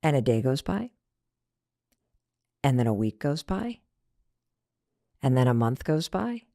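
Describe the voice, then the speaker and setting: A woman's voice: rumbling low, very animated, unhurried, warm tone, dry recording, clean studio sound. A middle-aged woman hosting a motivational podcast, talking in a conversational way and acting out the lines she quotes. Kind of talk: motivational talk.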